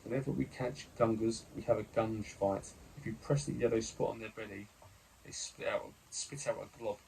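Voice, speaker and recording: A loyal, friendly sailor, voiced by a man reading a gamebook aloud who chats in a matter-of-fact way. The voice sits fairly low and has a gravelly edge. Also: fairly even intonation, moderate pace, a little mellow, a little hiss or hum, low-quality recording. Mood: explaining.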